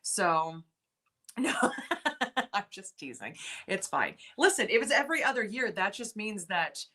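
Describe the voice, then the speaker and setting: A young adult woman hosts a casual live stream with a bright, forceful voice. She chats loosely with her viewers, reads their comments aloud and laughs often. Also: medium pitch, sing-song, a little slow. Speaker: livestream host.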